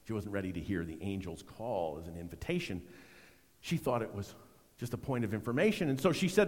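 A middle-aged man preaching a sermon, swinging between loud emphasis and hushed, almost whispered lines. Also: lowish voice, expressive, fairly quick, big-room sound. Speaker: pastor.

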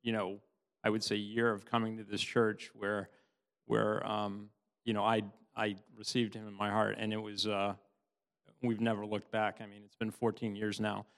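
A middle-aged man giving a tearful, halting personal testimony in church. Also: on the low side, completely flat delivery. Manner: halting, many restarts, laughs often. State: tearful, sobbing at times. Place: church hall. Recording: long hall reverb.

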